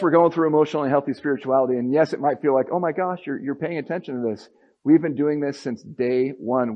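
A man preaching a sermon as pastor, swinging from fired-up, emphatic passages to soft, quiet reflection. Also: mid-range voice, lo-fi sound.

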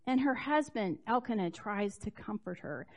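A woman preaching a sermon, telling the story expressively and moving between loud emphasis and hushed asides. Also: mid-range voice, animated, moderate pace.

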